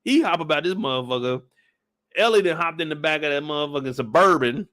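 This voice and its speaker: A young man giving a casual, profane, joking recap of a TV episode, lively and quick to burst into loud shouts. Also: a little high, no echo, studio quality. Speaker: show recap reviewer. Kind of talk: casual live recap commentary.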